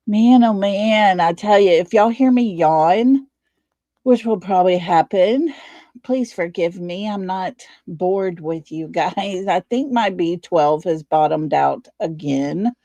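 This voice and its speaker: Slow, gravelly Texan woman hosting a livestream. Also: on the low side, dark tone, no echo. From Texas. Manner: folksy, greets chat viewers by name. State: tired, low on energy. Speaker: livestream host. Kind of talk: casual live-stream chat.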